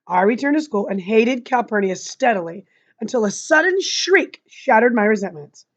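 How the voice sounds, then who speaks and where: A woman's voice: a little high, lively intonation, moderate pace. A woman reading a novel aloud expressively, adding chatty asides to her listeners. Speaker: reader. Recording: dull lo-fi recording.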